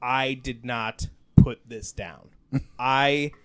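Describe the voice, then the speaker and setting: A man's voice: medium pitch, steady tone, extremely slow, clear, resonant tone. A man hosting a podcast in casual chat, rambling with lots of fillers. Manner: rambling, lots of "like" and "you know". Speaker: podcast host.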